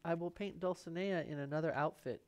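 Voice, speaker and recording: A man's voice: on the high side, fairly quick, highs cut off. A man hosting a live painting stream on a lavalier mic, playful, muttering to himself and drifting into whispers. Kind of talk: live painting demonstration chat. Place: painting studio. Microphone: lavalier microphone.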